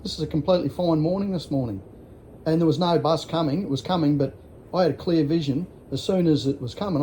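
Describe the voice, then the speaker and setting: An Australian vlogger in his sixties tells a rambling story in a casual vlog, blunt and swearing throughout. His voice is a little high with a dark tone, and there's slight background noise.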